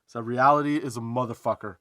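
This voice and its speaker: A man hosting a comedy podcast, telling a story as a profane, emphatic rant, drawn-out emphasis and rhetorical asides like "okay?". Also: mid-range voice, steady tone, sharp tone, no echo, clean studio sound. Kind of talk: comedic ranting monologue.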